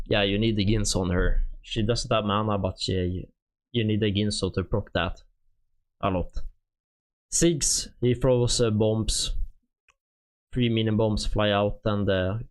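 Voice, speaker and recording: A man with a Swedish accent talks through a game's units on a stream, his voice sitting a little low. He reads in a halting, casual way and fills the gaps with lots of "uh"s. He is a native Swedish speaker speaking English. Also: smooth. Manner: halting, many "uh" fillers while reading out game info. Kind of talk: casual game stream talk.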